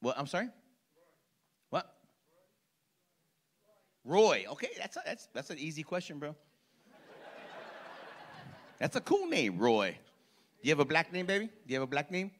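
A male comedian works a club crowd in loose, profane street slang, needling the people in front of him. His voice sits a bit high and sounds bright and forceful. His pitch swings widely from line to line. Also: big pitch swings, measured pace, long pauses. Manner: brash, profane, teasing the audience. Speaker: stand-up comedian. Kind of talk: stand-up set with crowd work.

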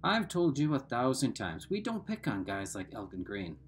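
A man's voice: medium pitch, sing-song, normal speed, faint music behind, natural voice. A man voicing a fierce, sarcastic teenage girl. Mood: sharp. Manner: sharp, sarcastic, scolding.

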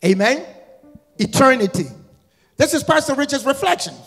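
A male guest pastor preaching an Easter sermon, firing repeated questions at the congregation and building into shouted, sing-song crescendos. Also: very high voice, animated, moderate pace. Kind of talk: Easter sermon with call-and-response. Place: church sanctuary. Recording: church hall reverb with music.

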